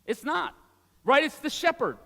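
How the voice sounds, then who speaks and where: Male pastor, 40s, high voice, chatty animated sermon in a reverberant hall. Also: normal speed, creaky. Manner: animated, conversational preaching with asides.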